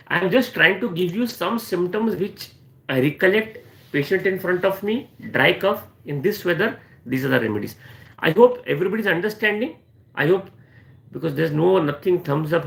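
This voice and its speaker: An Indian man gives a live online lesson on remedies. His slightly high voice carries a gravelly edge, and he often stops on "you know" and says his points twice. The sound is echoey, like a bare room. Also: fairly bright tone. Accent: Indian English. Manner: repeats key phrases, frequent "you know" fillers. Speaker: homeopathy doctor. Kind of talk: live-stream teaching Q&A.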